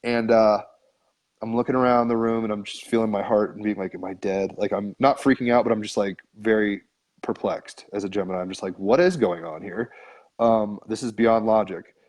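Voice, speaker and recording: A podcast guest with a fairly low male voice tells a long personal story in a loose, conversational way. His speech meanders, with frequent "like"s and casual swearing. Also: fairly even intonation, fairly quick, a little mellow. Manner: rambling, filler-heavy, frequent "like", casual swearing.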